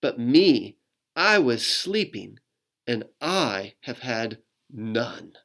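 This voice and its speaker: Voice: medium pitch, very animated, extremely slow, fairly bright tone, full character voice. A pastor playing a grumbling, sulky big bear. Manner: grumbling, plaintive. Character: big sulky bear who missed the party. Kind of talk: storybook reading.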